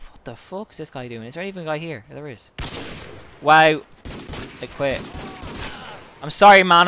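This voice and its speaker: A young man talks through his gameplay in a bright, forward voice. He is excitable and swears freely, breaking into sudden outbursts. Faint background noise sits under his voice. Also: on the high side. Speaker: gaming channel host. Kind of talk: gameplay commentary.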